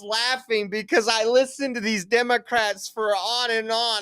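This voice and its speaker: A man's voice: very high voice, fairly even intonation, unhurried, few pauses, bright, forceful tone, clean tone. A man hosting opinionated political commentary, reading quotes aloud and laughing at them mockingly.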